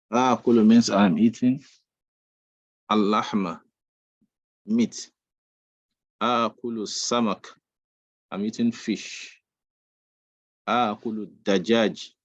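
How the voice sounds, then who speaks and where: Patient low-voiced man teaching Arabic online. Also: no echo. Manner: patient, explains slowly in English between Arabic drills. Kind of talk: online language lesson. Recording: dull lo-fi dry sound.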